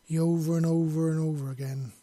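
Husky man reading a dark story. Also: on the high side, little pitch movement, a little fast, no room sound. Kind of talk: scripted narration of a fantasy story.

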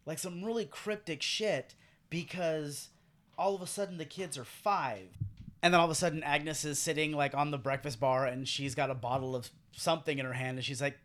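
A man co-hosting a casual podcast chat. His voice sits a little high for a man, and he talks with animated energy. He swears freely and acts out what other people said. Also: normal speed. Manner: animated, profane, acts out quotes. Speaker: podcast co-host. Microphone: headphones and studio mic.

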